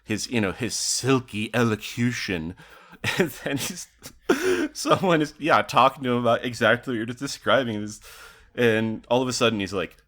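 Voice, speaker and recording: A man's voice: medium pitch, normal speed, a bit bright. A man co-hosting a podcast in casual chat, digressive, often laughing and swearing freely. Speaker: podcast co-host.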